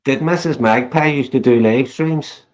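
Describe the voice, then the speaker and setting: A man's voice: medium pitch, normal speed, a little mellow. A man chatting on a live stream, teasing others crudely and swearing constantly. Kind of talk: casual chat.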